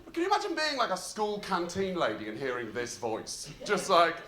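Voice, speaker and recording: A young man from North Yorkshire with a posh, loud voice, doing a rambling, self-mocking stand-up set in a comedy club. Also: high voice, wildly swooping pitch, brisk, few pauses. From North Yorkshire, England. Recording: roomy live club sound with crowd.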